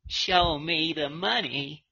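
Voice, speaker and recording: A man's voice: a little high, takes it slowly, vocal fry, bright, forceful tone, slightly rough, dull audio, heavily acted. A man putting on a wobbly, mumbling old woman's voice to recite famous movie lines. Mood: mock dramatic.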